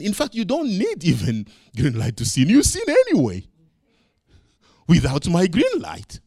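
Male pastor, sermon, high voice, very lively pitch, dry close sound, loud peaks and soft asides. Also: unhurried, slightly rough, dry recording. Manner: animated preaching, swings from loud emphasis to quiet asides; acts out his own quoted words to his son.

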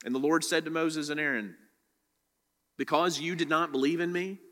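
A man's voice: fairly high pitch, fairly even intonation, normal speed, sharp tone, in a large hall. A man preaching a sermon. He reads scripture aloud, then explains it with rising emphasis. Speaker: pastor.

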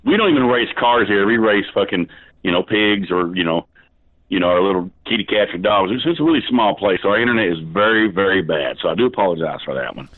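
A man's voice: low-pitched, expressive, quick pace, dry recording. Drunk rambling man on a tinny phone line. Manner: rambling, swears constantly. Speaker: prank call target.

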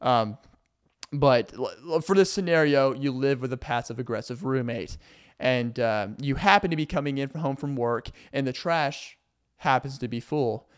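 A man's voice: medium pitch, moderate pace, clean tone. A young man from Arkansas in a casual, rambling vlog monologue, sarcastic and full of fillers. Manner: rambling, sarcastic, acts out mock voices of passive aggressive people. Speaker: vlogger.

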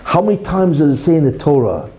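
A man giving an informal religious talk in an animated, rhetorical way, often checking in with "right?" and "you see". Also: a little high, quick pace, rough recording.

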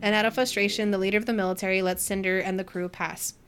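A woman co-hosting a casual book club podcast, retelling scenes in an animated way and acting out the characters' lines. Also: medium pitch, quick pace, clear, resonant tone. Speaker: podcast co-host.

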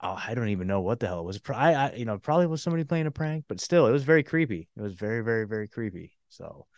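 Low-voiced man telling a rambling story. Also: animated, racing, a little mellow, no echo, studio quality. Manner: rambling, many fillers and restarts. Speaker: podcast host. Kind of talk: casual conversational storytelling.

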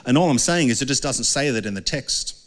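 A man's voice: medium pitch, animated, a little fast. A man giving an earnest, conversational sermon as pastor, often acting out the voices of people he quotes. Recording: long hall reverb.

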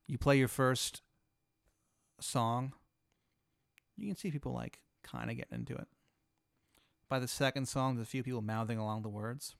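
Smooth-voiced man spinning a rambling story. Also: mid-range voice, normal speed, pauses often, no room sound, studio quality. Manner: laid-back, rambling, lots of "like". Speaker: host. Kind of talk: improvised hypothetical storytelling.

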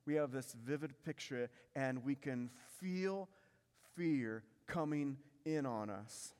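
A man preaching a sermon as pastor, building intensity through repetition and dropping low to stress key lines. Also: slow, darkish tone, clean tone, long reverb tail.

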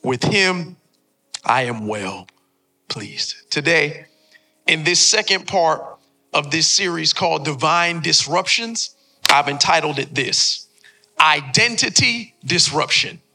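A man's voice: on the high side, lively intonation, takes it slowly, pushed and bright. A young man preaching a sermon as a pastor in a church, joking and trading call-and-response with the congregation. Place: church sanctuary before a congregation.

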